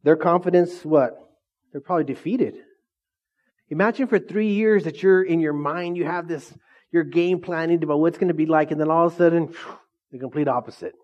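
A man's voice: a little high, brisk, darkish tone, muffled recording. A male pastor preaching a sermon, repeatedly asking the congregation questions and prompting their replies. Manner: call-and-response questions to the congregation.

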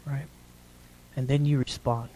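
A middle-aged man preaching a sermon in a relaxed, conversational way, often checking in with the congregation. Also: mid-range voice, unhurried, a little hiss or hum. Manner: conversational, repeats "right?" to the congregation.

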